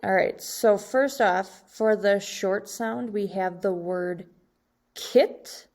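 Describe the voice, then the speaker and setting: A woman teaching second graders through a recorded slide lesson. She speaks very slowly and deliberately, pausing between short phrases. She draws out each example word, and her voice sits at a medium pitch. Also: a little mellow. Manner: slow, deliberate, drawing out example words.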